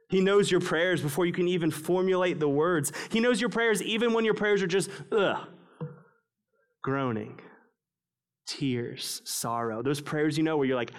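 A male pastor preaching a sermon, swinging between raised, emphatic passages and hushed, low ones. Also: normal speed.

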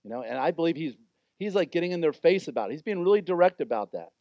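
A man's voice: fairly high pitch, expressive, fast talker, no room sound, highs cut off. Man preaching, conversational, emphatic, dry close sound. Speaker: pastor. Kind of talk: sermon.

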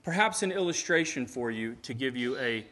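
A man's voice: medium pitch, expressive, moderate pace, pushed and bright. A male pastor reading scripture and preaching a sermon at a church service, earnest and building his points with rhetorical questions.

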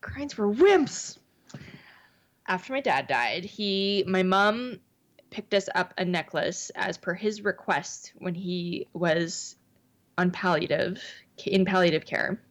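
A woman's voice: fairly low pitch, slow pace, fairly bright tone. Female co-host, casual chat, earnest and candid delivery. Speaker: podcast co-host.

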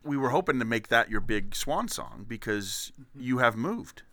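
A man hosts a casual comedy podcast in a bright, forceful voice. He rambles and jokes, piling one silly phrase on top of the next. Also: medium pitch, expressive, normal speed, no echo. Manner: goofy, rambling, jokey. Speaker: podcast host.

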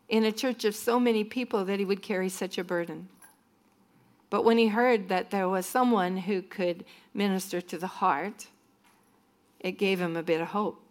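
A woman minister telling stories in a sermon-style talk to a church group, often acting out what other people said. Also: mid-range voice. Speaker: minister speaking to students.

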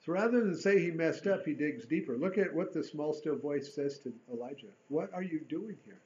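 A man preaching a sermon with a fairly high voice. He is earnest, rising to emphatic bursts and sinking to a hush. The recording sounds dull and lo-fi. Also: lively intonation, a little fast.

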